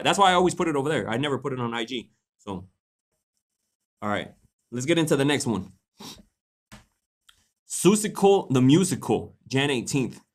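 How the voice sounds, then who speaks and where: A young man hosting a casual livestream, reading posts aloud, laughing often and swearing casually. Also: medium pitch.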